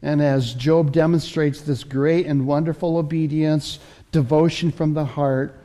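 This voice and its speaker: Mellow-voiced man preaching a sermon. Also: a little high, fairly even intonation, measured pace. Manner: conversational Bible teaching with frequent self-corrections.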